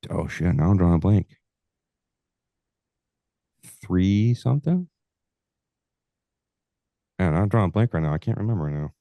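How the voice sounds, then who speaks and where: A man's voice: deep voice, normal speed, creaky, long pauses, dark tone, no room sound. A man, a hunting podcast host, chatting casually as a guest and swearing freely while acting out stories. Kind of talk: casual interview chat.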